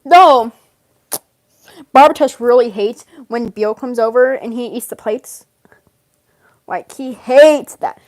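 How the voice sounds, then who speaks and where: Giggly high-voiced young woman rambling. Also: takes it slowly, long pauses, darkish tone. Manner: giggly, rambling, lots of fillers and laughs. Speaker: vlogger role-playing a game character. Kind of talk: casual in-character rambling.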